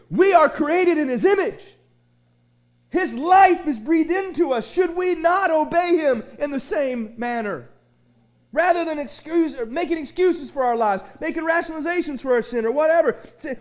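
A very high-pitched man preaching. He rambles through folksy stories full of restarts, then rises into shouted refrains. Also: moderate pace. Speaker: pastor. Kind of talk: sermon. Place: small church sanctuary.

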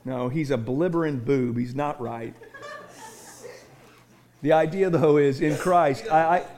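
A man preaching a sermon in a church, animated and conversational, often breaking into excited shouting and asking the congregation questions. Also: on the high side, takes it slowly. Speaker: pastor. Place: church sanctuary.

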